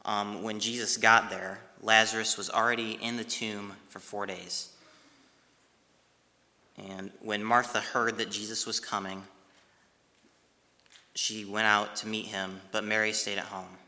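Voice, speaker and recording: A man retelling a Bible passage and reflecting on it in a devotional talk, speaking haltingly with pauses and restarts. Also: on the low side, flat delivery, sharp tone. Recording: long hall reverb.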